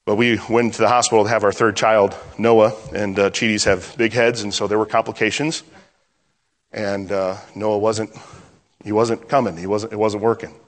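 A middle-aged male pastor preaching a sermon in a conversational way, moving between lively stretches and hushed, personal moments. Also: fairly low pitch, normal speed. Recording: long hall reverb.

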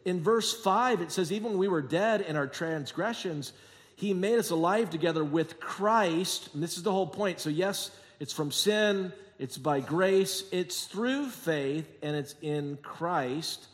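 A man's voice: sits high, a little slow. Sarcastic preaching man in a reverberant hall. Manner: jokey, sarcastic storytelling with acted-out quotes; swings between quiet asides and emphatic preaching. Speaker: pastor. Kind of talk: sermon.

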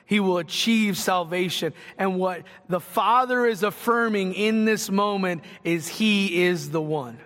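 High-pitched guy preaching, chatty and quick with asides, big church echo. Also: fairly bright tone. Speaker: pastor. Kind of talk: sermon.

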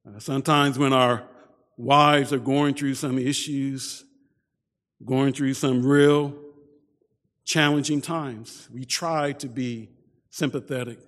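A man preaching a sermon, often repeating his first words and dropping to a soft voice for emphasis. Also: medium pitch, fairly even intonation, takes it slowly, big-room sound. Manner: repeats words at starts, soft dramatic drops.

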